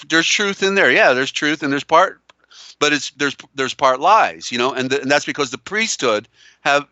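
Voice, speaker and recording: A man hosts a live broadcast with insistent, circling emphasis. He stumbles through restarts and fillers. His voice sounds bright and crisp, close and dry on a slightly dull, lo-fi line. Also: medium pitch, dry recording. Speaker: host. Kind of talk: live call-in show, reading viewer comments.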